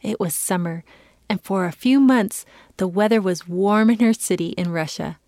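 A woman giving a calm, clear reading as the narrator of a children's story. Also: mid-range voice, moderate pace, no echo, studio quality.

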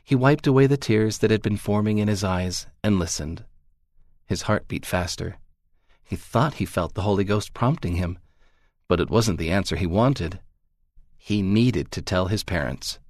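Low-voiced man calmly reading a story. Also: normal speed, dry recording, clean studio sound. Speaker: story narrator. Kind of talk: scripted narration of a magazine story.

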